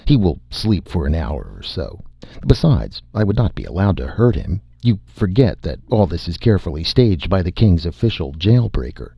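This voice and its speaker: A man voicing a gentle giant male reptile warrior who rumbles calm, earnest words, in a slightly muffled recording. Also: normal speed, creaky, slightly rough, no echo, full character voice.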